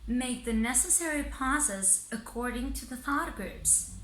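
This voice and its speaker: A woman teaching English in a scripted lesson, speaking slowly and deliberately and pausing between phrases. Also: fairly high pitch, expressive, a bit bright, echoey room, poor audio. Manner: slow, deliberate, pausing by thought groups.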